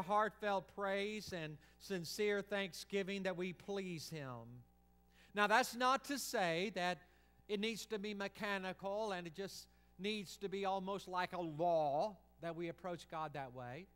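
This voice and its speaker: Male senior pastor, sermon delivery, high clear voice, swings between pleading and hush. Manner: impassioned, swings from loud pleading to hushed.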